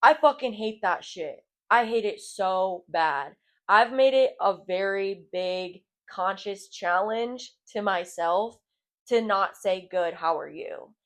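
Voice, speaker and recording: A woman's voice: medium pitch, slow pace. A young woman hosting a solo podcast, talking candidly and casually, swearing freely and saying "like" a lot. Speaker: podcast host.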